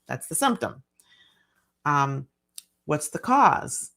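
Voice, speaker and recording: A woman's voice: sits low, sing-song, takes it slowly, gravelly, fairly bright tone. A middle-aged woman, a physician and parenting speaker, explaining a behavior model in a casual teaching talk. She works through her points step by step, with plenty of fillers.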